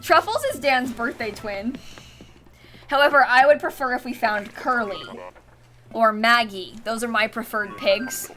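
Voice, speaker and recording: A woman's voice: a little high, a little slow, a bit bright. A young woman streaming a game, chatting casually, giggling often and pleading with the game. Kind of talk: casual live-stream chat while gaming.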